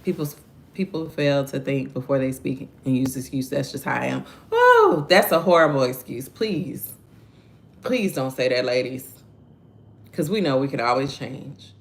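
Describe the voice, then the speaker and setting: A woman's voice: rumbling low, very animated, a little slow. A woman hosts a morning devotional, reading verses and commenting on them animatedly for her viewers. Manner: talks to viewers directly, reading their chat names. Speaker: devotional host.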